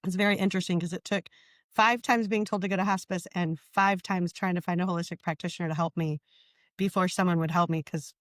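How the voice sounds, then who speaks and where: A woman's voice: on the low side, fairly even intonation, fast talker, no echo. A woman speaking as an interview guest, telling her story in an earnest, emphatic way and often checking in with "right?".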